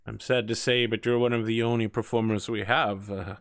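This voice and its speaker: A man's voice: fairly low pitch, little pitch movement, moderate pace, no echo, studio quality, natural voice. A man playing a chatty old grandmother. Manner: chatty, gently probing. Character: worldly old grandmother, former martial artist.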